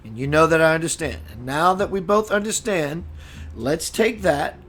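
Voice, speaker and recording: Male host of a live spiritual show, emphatic and preacherly, a bit high-pitched, faint music underneath. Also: expressive, moderate pace, a bit bright. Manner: emphatic, preacherly, calls viewers sister and brother. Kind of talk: live-streamed spiritual talk reading viewer comments.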